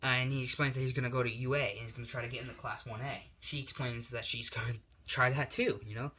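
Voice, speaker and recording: Young guy telling a fan story, lots of "um" and "you know", bright voice. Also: mid-range voice, fairly even intonation, fast talker, breathy edge. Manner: rambling, heavy on fillers. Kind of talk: casual fan story retelling.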